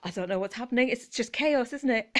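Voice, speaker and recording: A woman with a British accent chatting casually on her vlog, rambling and giggling, often trailing off mid-thought. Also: on the high side. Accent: British English. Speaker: vlogger. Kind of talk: casual chat.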